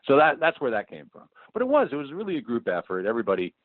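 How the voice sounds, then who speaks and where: A man's voice: medium pitch, huge pitch swings, fast talker, no room sound. A man being interviewed who rambles casually and swears freely. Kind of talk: oral-history interview recollection. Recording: dry, tinny phone line.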